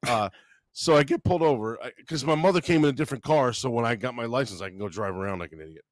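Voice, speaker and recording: A man, co-hosting a comedy podcast and telling a story in an animated way, swearing freely. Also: mid-range voice, quick pace, dry recording. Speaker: podcast co-host.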